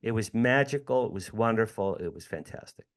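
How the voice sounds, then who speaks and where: An American man in his sixties, a guest on an interview show, tells a personal story. He speaks in a fairly low voice, acts out each line of dialogue and laughs now and then. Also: expressive, a little fast. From United States.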